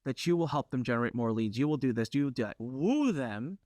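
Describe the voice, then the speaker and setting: A middle-aged man hosting a workshop, telling a brash, competitive story with lively asides. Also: medium pitch, a little fast, no echo, clean studio sound. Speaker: workshop host.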